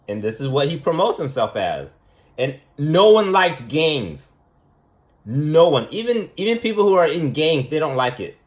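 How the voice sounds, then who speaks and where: A man talking as a preschool teacher in a rambling, mocking monologue, repeating his points for emphasis. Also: on the high side. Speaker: preschool teacher giving a lesson.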